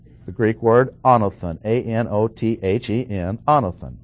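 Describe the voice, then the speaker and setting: A man preaching a sermon and explaining a Bible passage, who stresses key words slowly and asks his listeners questions. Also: lowish voice, dull audio.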